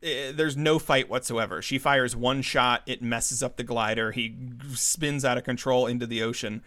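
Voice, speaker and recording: Casual podcast co-host, male, animated storyteller who laughs a lot and jumps up in pitch for quoted lines. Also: moderate pace. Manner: animated, laughs often, acts out characters' lines in a raised voice. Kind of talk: casual chat recapping a comic story.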